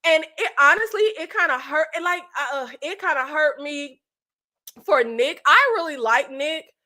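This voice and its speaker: A woman hosting her own channel, recapping a reality show in a blunt, animated, exasperated way with casual swearing. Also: high-pitched, unhurried. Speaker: channel host reviewing reality TV.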